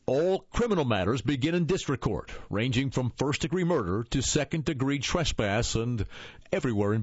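A man from Iowa narrating his memoir as an audiobook, in an expressive storytelling manner with a husky voice. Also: mid-range voice, no echo. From Iowa, USA. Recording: dull, dry lo-fi recording.

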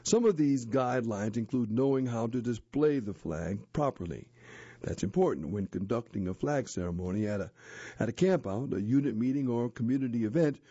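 A man narrating a story and a handbook aloud in a steady, expressive reading voice. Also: medium pitch, brisk, slightly rough, dry recording. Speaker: narrator, reader. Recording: dull lo-fi dry recording.

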